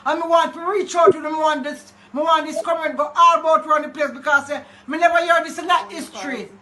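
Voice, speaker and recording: A woman's voice: high-pitched, fairly even intonation, quick pace, pushed and bright, a little hiss or hum. A Jamaican woman making an aggrieved, pleading street complaint to the camera.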